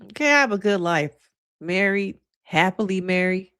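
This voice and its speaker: An animated woman, a licensed therapist who also does reaction commentary, chats with viewers in a casual vlog. She speaks at a medium pitch and normal speed with a clear, resonant tone, calling her audience "y'all" and acting out quotes.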